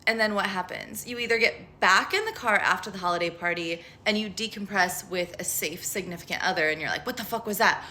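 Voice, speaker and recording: A woman's voice: on the low side, a little fast, few pauses, sharp tone, a little hiss or hum. A woman talking casually to camera about spirituality, frank and profane, rambling with lots of "like.". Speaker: spiritual tarot vlogger.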